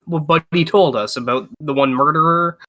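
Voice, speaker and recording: Bright voiced guy playing d&d, blunt and to the point. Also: a little high, normal speed. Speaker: tabletop game player. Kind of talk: casual gaming banter.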